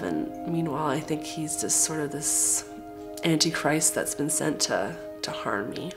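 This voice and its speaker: Woman, low pitch; raw, emotional testimony over clear music. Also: animated, unhurried. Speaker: mother sharing her story. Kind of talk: documentary testimony.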